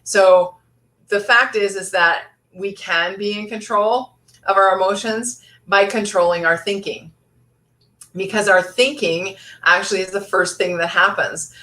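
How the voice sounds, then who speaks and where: A woman's voice: mid-range voice, a little slow, pushed and bright. A woman life coach giving an earnest motivational talk, with many fillers and restarts.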